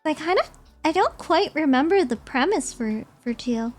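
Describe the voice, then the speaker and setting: A woman's voice: high-pitched, animated, moderate pace, soft background music. A young woman streamer chatting casually and rambling as she ranks movies, often giggling.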